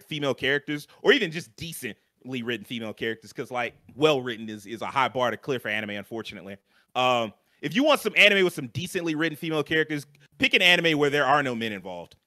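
A young adult man co-hosting a podcast in casual chat, animated and swearing freely with lots of fillers. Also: medium pitch, no room sound. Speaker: podcast co-host.

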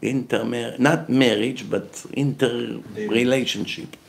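A man's voice: medium pitch, fairly even intonation, takes it slowly, creaky. Emphatic rabbi man lecturing heatedly. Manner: emphatic, grows loud and forceful when making a point; blunt short phrases, asks questions and answers them himself. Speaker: rabbi giving a weekly lecture.

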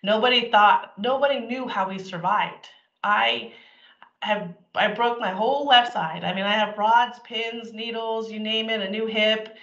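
A woman's voice: on the high side, steady tone, measured pace, fairly bright tone. Candid middle-aged woman giving a talk. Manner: candid and emphatic, acting out quotes. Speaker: speaker. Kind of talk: motivational talk. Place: event hall. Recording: roomy, dull lo-fi sound.

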